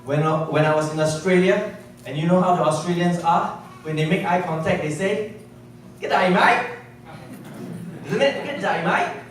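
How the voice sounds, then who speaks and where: A man giving a sales seminar to a live audience, constantly checking in with quick questions. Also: on the high side, far from the mic, slight background noise. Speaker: sales trainer. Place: large hall with an audience. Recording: echoey hall, mic from afar, audience.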